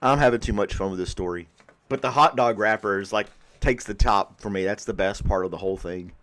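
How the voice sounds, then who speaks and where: A man's voice: fairly low pitch, a little fast, a bit bright. A man hosting a podcast in casual chat, often breaking into laughter. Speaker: podcast host.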